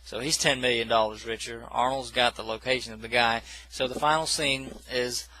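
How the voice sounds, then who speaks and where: A man's voice: medium pitch, fairly even intonation, normal speed, sharp tone, low-quality recording. A man casually recapping a film plot in a rambling, self-correcting way, with dismissive asides. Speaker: movie reviewer.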